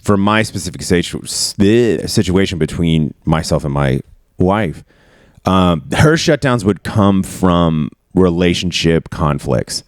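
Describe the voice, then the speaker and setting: A man's voice: deep voice, animated, measured pace, no echo, studio quality. A man talking candidly and ramblingly in a casual podcast chat, swearing now and then. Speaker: podcast host.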